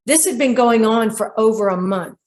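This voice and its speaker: Older female radio host, lively storyteller who plays out the voices in her stories, slightly higher voice. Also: normal speed. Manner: animated storyteller acting out quoted voices. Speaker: show host, dream expert. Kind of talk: storytelling on a radio talk show.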